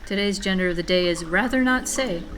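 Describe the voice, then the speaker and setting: A woman with a fairly low voice talks her way through a video game in loose, self-deprecating chatter. Soft music plays faintly behind her. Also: fairly quick. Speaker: game streamer. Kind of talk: casual gameplay commentary.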